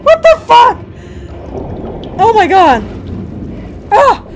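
A young woman narrates her VR game in a very high, swooping voice, shrieking, swearing and laughing in fits of nerves. She drags her words out slowly, with clear game noise behind her. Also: big pitch swings. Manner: screaming, swearing, nervous laughter. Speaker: gaming channel host. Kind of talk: let's play commentary.

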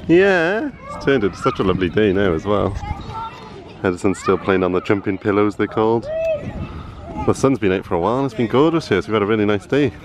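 With a lowish voice, huge pitch swings, and a brisk pace, a family vlogger in his thirties chats into his handheld camera. He's on an outdoor farm trail, encouraging his small son as they walk.

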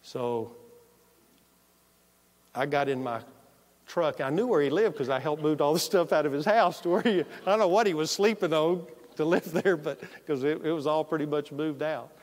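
A male pastor preaching a sermon in a church, his fairly high voice ringing with the long reverb of the hall. He tells a story from his own life and acts out the lines of each person in it, switching between quiet asides and raised, urgent pleas. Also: normal speed. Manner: storytelling, animated, quoting himself. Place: church sanctuary.

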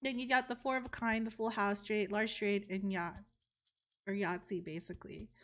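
A woman's voice: medium pitch, steady tone, moderate pace, fairly bright tone. A woman streamer chatting casually during a game, teasing her opponent and explaining rules.

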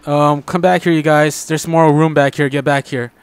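A young man hosting a gaming channel, chatting casually and reacting excitedly while playing a co-op game with a friend. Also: on the high side, smooth, dry recording. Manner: excitable, joking, quick reactions. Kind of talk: casual co-op gameplay chat.

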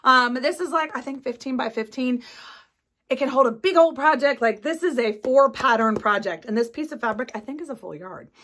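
A woman's voice: high-pitched, a little fast, a bit bright. A woman in her forties hosting a craft video at home, chatting enthusiastically about her sewing projects with lots of ums and asides. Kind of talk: casual show-and-tell chat.

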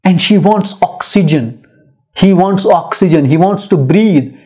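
A man's voice: sits high, a little slow, warm tone. Emphatic man lecturing on poetry. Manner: emphatic, repeats phrases, rhetorical questions. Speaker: literature lecturer. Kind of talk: poetry lecture mixing English and Hindi.

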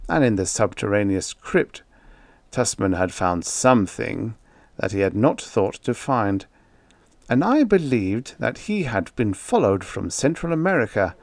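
A man narrating a first-person horror story in a measured, grave manner. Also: lowish voice, very animated, vocal fry, darkish tone, dry recording. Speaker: audiobook narrator.

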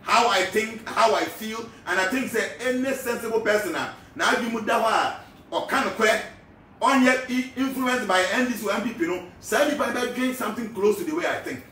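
A man's voice: high voice, a little fast, bright, forceful tone. A Ghanaian man hosting a live show, giving casual political commentary, switching between Twi and English and asking rhetorical questions. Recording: echoey, far from the mic, faint background noise.

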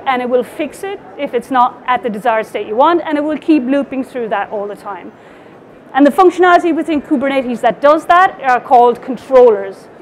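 At a conference, an Irish woman with a high, light voice talks to her slides as she walks through a technical topic. Her explanation is casual, with fillers and small restarts, and the audio has a little hiss or hum.

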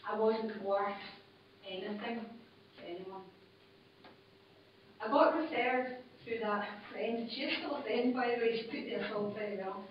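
A woman's voice: mid-range voice, steady tone, unhurried, pauses often, very echoey, noisy background. A woman from the UK, a paramedic, giving a personal testimony talk at a conference, speaking bluntly in short clipped phrases. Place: conference hall. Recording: distant, muffled room recording from a basic MP3 player.

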